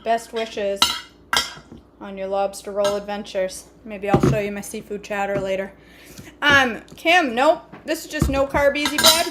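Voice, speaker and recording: A woman's voice: medium pitch, unhurried, heavy background noise. A woman hosting a casual cooking vlog from her home kitchen, chatty, folksy and joking. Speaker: vlog host.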